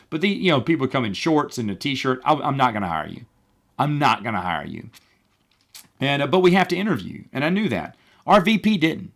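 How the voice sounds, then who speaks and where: A middle-aged man hosting a podcast, telling work stories in a casual, animated way with wry, exasperated asides, acting out the people he quotes. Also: medium pitch. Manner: animated, acts out quoted people in changed voices. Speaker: podcast host. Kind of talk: casual storytelling monologue.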